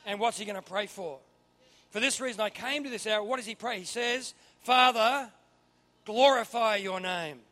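A man preaching a sermon, swinging from quiet asides to loud emphatic bursts. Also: high-pitched, a little fast. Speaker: pastor.

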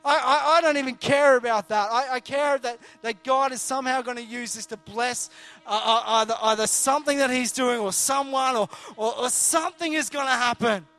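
Male preacher, high tenor, casual sermon, self-deprecating, stop-start phrasing. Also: normal speed, pushed and bright. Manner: earnest, jokey, frequent restarts. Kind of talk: conversational sermon.

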